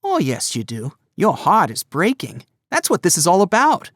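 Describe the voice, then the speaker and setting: A man's voice: high-pitched, huge pitch swings, moderate pace, fairly bright tone, no echo, studio quality, pitched above the performer's own voice, heavily acted. A man voicing a teasing, boisterous teenage boy in an audiobook, playful and needling. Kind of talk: audiobook character voice.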